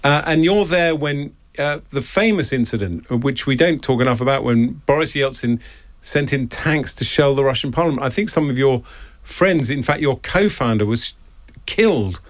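A man hosting a radio interview in the studio, asking questions in a brisk, wry way. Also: mid-range voice, expressive, no echo. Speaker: radio host.

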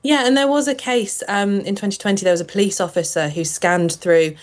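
A woman, a journalist, explaining her reporting in a measured radio discussion with frequent ums. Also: medium pitch, steady tone. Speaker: journalist guest.

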